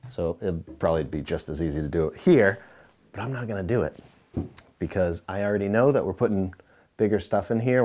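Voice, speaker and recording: A man hosting a casual how-to, talking relaxed while he works with tools and now and then dropping into mutters. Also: deep voice, a little hiss or hum. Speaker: DIY home renovation host. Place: indoor pantry under renovation.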